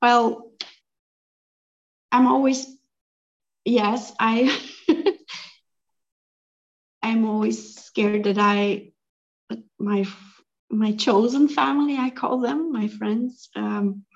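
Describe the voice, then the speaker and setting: A woman artist speaks hesitantly in a coaching session, stopping and restarting her sentences. Her voice is slow and gravelly. The sound is lo-fi and dull. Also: on the high side. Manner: hesitant, halting, restarts and laughs nervously.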